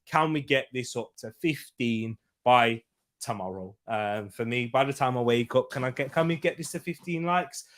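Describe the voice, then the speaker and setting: A man's voice: medium pitch, normal speed, fairly bright tone. A young man hosting his own football channel, giving a casual match reaction in a chatty, jokey way and reading out viewer comments.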